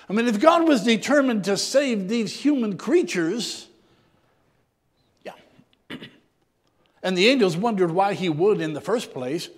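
A man reading scripture and preaching a reflective sermon, often clearing his throat, his voice sometimes dropping low and soft. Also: expressive, takes it slowly, long pauses, big-room sound.

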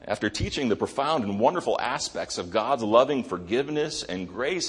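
Male pastor, low husky voice, emphatic sermon delivery with repeated lines. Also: expressive, brisk. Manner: emphatic preaching with repeated phrases.

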